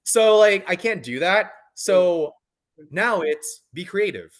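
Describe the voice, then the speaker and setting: A man's voice: high-pitched, lively intonation, takes it slowly. A man in his thirties, a coaching client, talking casually in an interview with many fillers and restarts.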